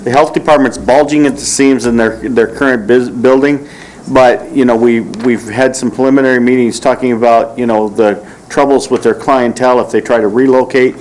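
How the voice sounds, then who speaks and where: A man's voice: mid-range voice, fairly even intonation, moderate pace, a little mellow, rough recording. A man with a mid-range voice speaks as a county commissioner in a practical, matter-of-fact way. Faint noise sits behind him. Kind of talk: meeting discussion. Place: county meeting room.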